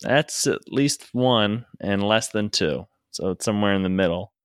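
Laughing low-voiced man telling home stories. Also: moderate pace, clear, resonant tone, no room sound, clean studio sound. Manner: laughing, rambling storyteller. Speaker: co-host, parent. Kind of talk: casual chat on a livestream.

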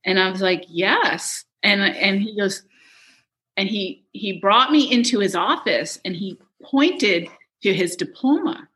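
A middle-aged woman chatting in an interview, telling animated stories, laughing often and quoting people. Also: mid-range voice, unhurried. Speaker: guest, touring production manager. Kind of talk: casual interview chat.

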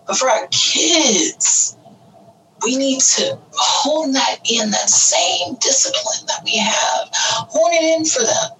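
A woman's voice: high-pitched, a little slow, far from the mic, faint music behind, low-quality recording. Earnest woman, a bit off-mic. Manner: earnest, animated, acts out quoted voices. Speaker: parent sharing advice. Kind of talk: casual heartfelt talk.

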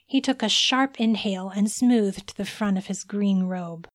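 A woman narrating a scripted fantasy story in a clear, even reading voice. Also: medium pitch, measured pace, hardly any pauses, no room sound, studio quality.

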